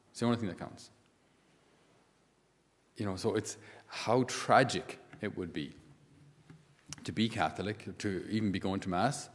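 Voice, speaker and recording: A man's voice: fairly low pitch, long reverb tail. A man, a priest giving a conversational sermon full of asides and rhetorical questions.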